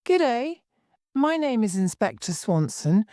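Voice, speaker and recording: A woman reading the part of a serious, calm male police inspector who asks steady, polite questions in a graded story reading. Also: on the high side, slow, no echo, clean studio sound, pitched above the performer's own voice.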